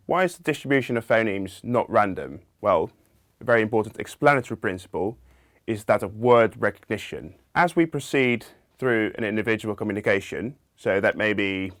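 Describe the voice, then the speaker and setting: Low-voiced man explaining linguistics. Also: fairly bright tone, dry recording, clean studio sound. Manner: measured, explanatory, with occasional fillers. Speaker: linguistics lecturer. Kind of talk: explanatory video lecture.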